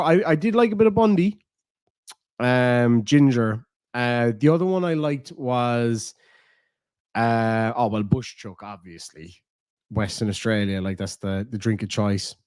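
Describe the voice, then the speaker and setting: A man's voice: mid-range voice, darkish tone, no room sound. Irish male streamer, casual and profane, easygoing chatter, dead-dry mic. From Ireland. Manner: profane, chatty, laid-back. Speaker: reaction streamer. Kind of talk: casual rambling chat to viewers.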